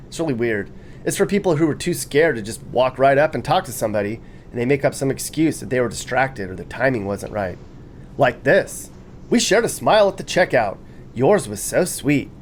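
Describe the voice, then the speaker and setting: A man's voice: medium pitch, lively intonation, a little fast, slight background noise. Amused man doing jokey commentary. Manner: jokey and amused, laughs often, reads quotes aloud with mock enthusiasm. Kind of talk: casual commentary.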